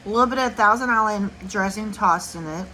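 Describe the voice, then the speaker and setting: A middle-aged woman chats over dinner at home, calling her partner sweetie as she describes the food. Her voice sits at an ordinary pitch. There is a faint background hiss. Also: fairly quick, sharp tone, rough recording. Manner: affectionate, calls him sweetie. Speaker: vlog co-host. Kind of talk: casual home chat over a meal.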